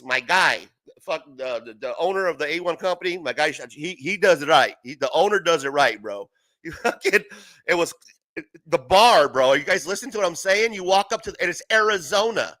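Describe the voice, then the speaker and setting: A man's voice: on the high side, expressive, normal speed, bright, forceful tone, no echo. A young man hosting a casual livestream from home, rambling through stories with heavy profanity and frequent laughter. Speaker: livestream host.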